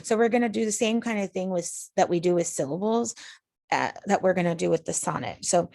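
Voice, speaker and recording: A woman's voice: lowish voice, a little mellow, dry recording, clean studio sound. A woman teacher patiently talking students through a recorded online lesson, step by step. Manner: patient, explanatory, talks students through steps.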